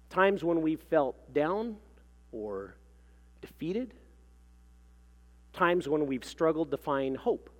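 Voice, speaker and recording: A man preaching a sermon as pastor, speaking in an earnest, reflective way. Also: on the high side. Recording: reverberant hall sound.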